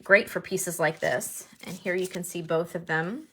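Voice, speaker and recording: A woman's voice: lowish voice, fairly even intonation, unhurried, bright, forceful tone, slightly rough. A woman chatting in a casual, enthusiastic way as she shows her handmade cards, sometimes thinking aloud. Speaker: card-making demonstrator. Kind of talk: casual show-and-tell crafting video.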